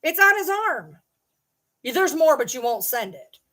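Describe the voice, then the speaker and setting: A woman's voice: high voice, sing-song, a little slow, pushed and bright. A middle-aged woman hosting her own vlog, talking casually and ranting at viewers in an indignant, sarcastic, challenging way. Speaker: channel host.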